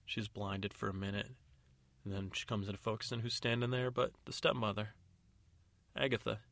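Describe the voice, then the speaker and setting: Low gravelly guy rambling through a bedtime story, dry close sound. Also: little pitch movement, moderate pace, fairly bright tone, dry recording. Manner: meandering, loose with fillers. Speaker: podcast host and storyteller.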